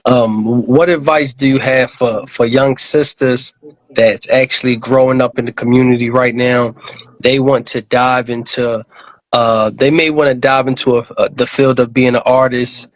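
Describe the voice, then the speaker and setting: Halting man interviewer, dry sound. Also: medium pitch, steady tone, dry recording, rough recording. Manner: halting, many fillers and repeats, affirming. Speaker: interview host. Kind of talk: casual interview.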